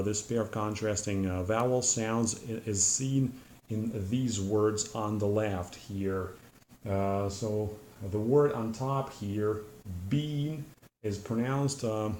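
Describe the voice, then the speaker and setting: A man teaching English pronunciation in a patient, methodical way, pausing often with "uh" as he explains at a whiteboard. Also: on the low side, a little mellow. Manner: patient, methodical, frequent "uh" pauses. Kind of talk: explanatory lesson to camera. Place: room with a whiteboard. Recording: echoey room, faint ambient noise.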